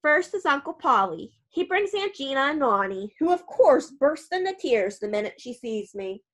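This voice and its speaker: A woman's voice: sits high, very animated, moderate pace. Woman narrating a storybook, wry. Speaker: audiobook narrator. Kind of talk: first-person storybook narration.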